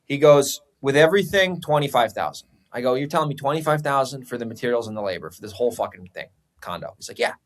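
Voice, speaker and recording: A man, a real estate investor guesting on a podcast, telling a story in a casual, profane, animated way. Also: medium pitch, quick pace.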